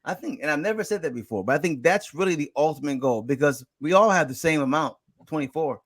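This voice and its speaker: A man guest on a business show, talking with lively energy and frequent restarts. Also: a little high, quick pace. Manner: energetic, warm storytelling with restarts. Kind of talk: casual interview talk.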